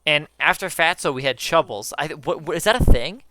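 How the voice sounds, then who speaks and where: A man in casual chat with viewers while gaming, excitable, swearing often and calling his viewers guys. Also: fairly high pitch, fairly quick. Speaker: gaming YouTuber.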